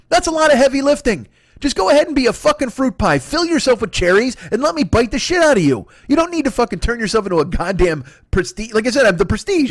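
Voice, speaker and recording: A man's voice: very high-pitched, no room sound, clean studio sound. A man doing a solo comedy podcast rant, profane and exasperated. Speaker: comedian host.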